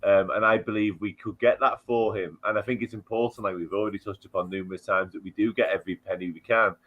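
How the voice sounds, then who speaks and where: Male football panelist, lower voice, opinionated, lo-fi muffled sound. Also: fairly even intonation, fast talker. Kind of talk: casual football chat. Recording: dull lo-fi audio.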